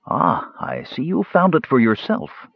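A man voicing a cool, guarded male mage who speaks in clipped, measured replies in an audiobook. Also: on the high side, huge pitch swings, gravelly, husky, dry recording, phone-quality sound, voice pushed up, full character voice.

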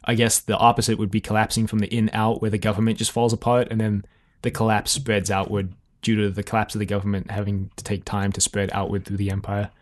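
A man with a fairly low voice co-hosts a casual podcast. He rambles as he thinks aloud, circling back with fillers and restarts. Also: level tone, fast, few pauses. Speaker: podcast co-host.

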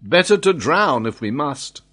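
A man's voice: fairly high pitch, sing-song, unhurried, pushed and bright, exaggerated voice. A man voicing a commanding nobleman who calls out urgently in a storybook reading. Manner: urgent exclaiming. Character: commanding nobleman leading fugitives.

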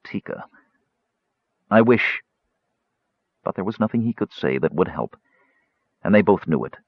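A man with a very deep voice narrates a fantasy novel. His delivery rises and falls expressively. The recording is dry and slightly muffled. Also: brisk, husky, dry recording. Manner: expressive, varied storytelling. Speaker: audiobook narrator. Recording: dull dry studio recording.

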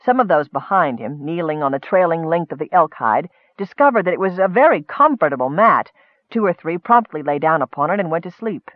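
Man narrating with lively, sing-song pitch. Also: fairly quick, dry recording, phone-quality sound. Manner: lively, comic storytelling. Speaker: audiobook narrator. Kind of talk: scripted narration.

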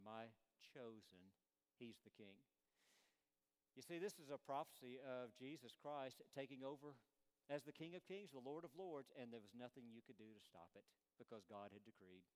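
Preacher man, dynamic sermon in reverb. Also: medium pitch. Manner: dynamic, swings between emphatic peaks and hushed quoted lines. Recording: long hall reverb.

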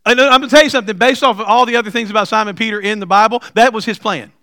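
A middle-aged man preaching a sermon, telling stories with humor and building to loud, emphatic points. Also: high-pitched, very fast, no room sound, clean studio sound. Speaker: pastor.

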